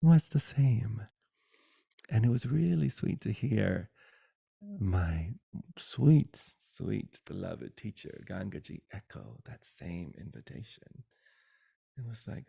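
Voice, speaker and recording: A man giving a spiritual satsang talk over a video call, soft and unhurried, often dropping to a whisper. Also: lowish voice, big pitch swings, gravelly, slightly rough, no room sound. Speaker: spiritual teacher.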